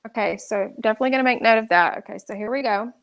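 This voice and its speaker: A woman's voice: fairly high pitch, very fast, fairly bright tone. A woman ranting through live commentary, exasperated and restarting often. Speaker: drama commentary streamer.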